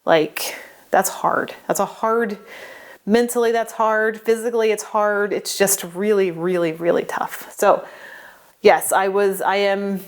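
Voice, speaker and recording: A woman in her forties talking earnestly in a personal vlog, halting and restarting often, emotional and close to tears at times. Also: medium pitch, fairly even intonation, clean tone. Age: 40s. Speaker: vlogger sharing a health update. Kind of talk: personal vlog talk to camera.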